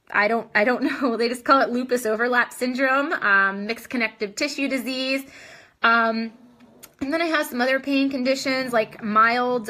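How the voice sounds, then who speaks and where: A woman's voice: a little high, sharp tone. A young adult woman hosting a casual live video chat, answering viewer comments in a chatty way full of ums and restarts, a little short of breath.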